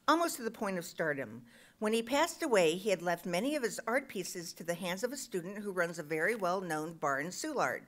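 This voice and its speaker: A woman's voice: mid-range voice, a bit bright, slight background noise. A middle-aged woman reading her own comic personal essay aloud at a live show, self-mocking with punchy timing.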